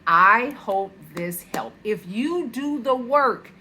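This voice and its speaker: A woman's voice: on the high side, lively intonation, slow pace, sharp tone, a little hiss or hum. A woman hosting a self-help video, talking directly to her viewers and encouraging them as she walks through a step-by-step assignment. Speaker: wellness video host. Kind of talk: motivational self-help talk to camera.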